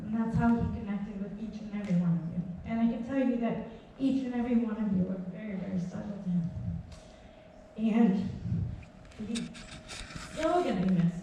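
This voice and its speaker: A woman's voice: mid-range voice, mellow. A woman giving an informal, heartfelt eulogy at a dance community gathering, telling stories and laughing as she goes. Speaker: speaker at a memorial tribute. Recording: echoey hall from far off, faint background noise.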